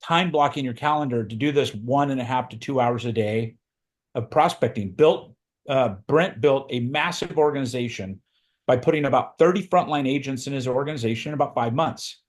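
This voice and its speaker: A man who coaches real estate recruiting delivers a motivational training talk in a mid-range voice, emphatic throughout and repeating key phrases to hammer home his message.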